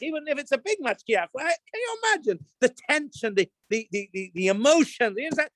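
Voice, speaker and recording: Animated rabbi telling stories, dry sound. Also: male voice, very high voice, fairly quick, few pauses, no echo. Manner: animated storyteller, acts out scenes, jumps to shouts. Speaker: rabbi, kosher supervisor. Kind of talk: casual talk to camera.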